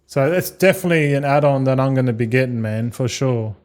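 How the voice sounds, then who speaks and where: A man's voice: medium pitch, fairly quick, a little mellow. An Australian man live-streaming a game, chatting casually and rambling, with frequent swearing and matey slang.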